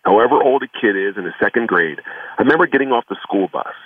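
A man's voice: lowish voice, animated, fast, no room sound. A man telling his personal story earnestly and reflectively in an interview, heard over a phone line. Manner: earnest, reflective, lots of "you know". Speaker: guest, foundation founder. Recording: tinny phone line, distant from the mic.

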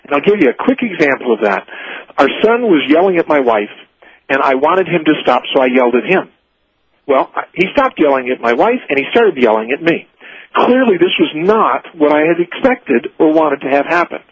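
A man's voice: fairly high pitch, sing-song, moderate pace, slightly rough, no room sound. A middle-aged man giving a guest talk on a radio show, earnest and explaining his ideas point by point. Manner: earnest, teaching in numbered points. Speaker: leadership speaker guest. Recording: muffled dry radio broadcast audio.

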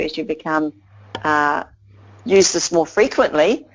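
A woman's voice: low voice, steady tone, a little slow. A woman inspirational speaker giving an earnest motivational talk, repeating simple phrases, on a slightly dull lo-fi recording.

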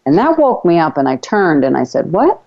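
Low-voiced woman hosting talk radio. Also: big pitch swings, dark tone. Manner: earnest, reflective, with halting restarts. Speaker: radio show host. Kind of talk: personal story on a talk radio show. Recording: slightly dull lo-fi radio audio.

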